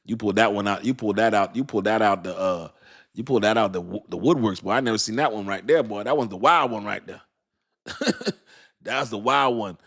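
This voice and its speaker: A man's voice: fairly low pitch, brisk. Laughing, slangy male livestream host. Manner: animated, slangy, laughs often, talks to chat. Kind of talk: casual livestream commentary.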